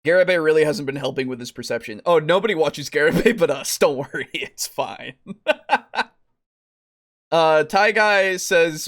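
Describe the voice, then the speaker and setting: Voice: mid-range voice, moderate pace. A podcast co-host in a casual discussion, ranting with exasperation and frequent swearing, reading out comments and quotes as they go. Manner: reads comments and quotes aloud.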